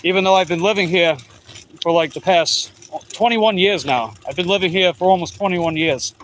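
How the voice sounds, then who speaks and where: A man's voice: high voice, moderate pace, a bit bright, slight background noise. A middle-aged man with a Long Island New York accent, chatting casually and reading viewer comments while riding an e-bike on the road. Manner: chatty, reads viewer comments aloud, rambling restarts. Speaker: delivery rider vlogger.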